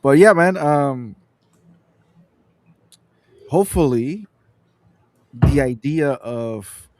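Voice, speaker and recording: A man's voice: medium pitch, animated, very slow, slight background noise. A man co-hosting a gaming podcast, rambling casually through his opinions with many restarts. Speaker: podcast co-host. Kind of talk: casual livestream chat.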